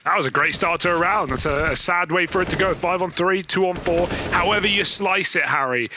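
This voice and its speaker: A man calling an esports match play by play, rattling off the action in a quick, running description with the odd playful aside. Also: high-pitched, noisy background. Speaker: esports caster. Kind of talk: play-by-play commentary.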